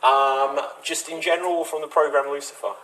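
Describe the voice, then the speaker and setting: A man hosting an online improv show, brisk and laughing often. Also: fairly high pitch, steady tone. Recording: noisy video call audio.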